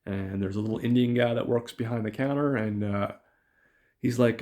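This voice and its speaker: A man's voice: mid-range voice, steady tone, moderate pace, darkish tone. A man hosting a podcast, casually recapping a film's plot in a chatty, profane way and calling his listeners guys. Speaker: podcast host.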